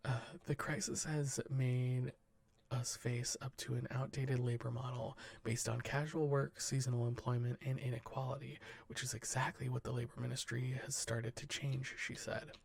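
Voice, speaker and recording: A man softly reading the news into a close mic in a whispered, ASMR way, stumbling over words and breaking off for dry, jokey asides. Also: mid-range voice, little pitch movement, moderate pace, creaky, dry recording.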